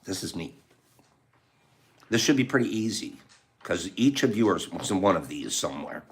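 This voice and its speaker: Lively, chatty male livestream host. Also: low-pitched, normal speed. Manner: chatty, reads out and answers viewer comments. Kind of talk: casual livestream chat. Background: faint background music.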